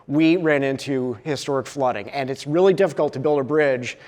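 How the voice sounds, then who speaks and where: A man's voice: mid-range voice, a little fast, a little mellow. Man presenting in a reverberant hall. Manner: filler-heavy, with many uhs and restarts. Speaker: conference presenter. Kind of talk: conference presentation. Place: conference hall.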